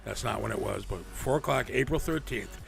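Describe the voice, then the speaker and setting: A man's voice: fairly low pitch, brisk, fairly bright tone, soft background music. A man hosting a casual livestream, rambling and swearing freely with frequent restarts. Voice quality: gravelly. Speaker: livestream host.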